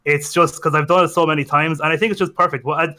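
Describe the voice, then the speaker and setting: A man's voice: fairly high pitch, fairly even intonation, quick pace, bright, forceful tone. A young man in casual podcast chat, rambling and correcting himself, enthusiastic about games. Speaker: podcast co-host.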